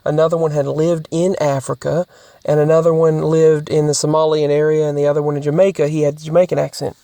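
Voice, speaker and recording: A vlogger in a casual podcast-style monologue who talks haltingly, restarts often and repeats words, and sometimes drops to soft, near-whispered asides. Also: medium pitch, flat delivery, dry recording.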